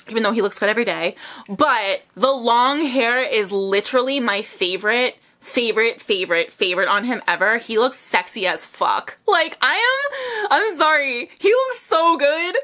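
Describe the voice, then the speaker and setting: A young woman hosting a music video reaction, gushing and squealing with excitement as she watches. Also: on the high side. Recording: music playing loudly behind. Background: music video playing.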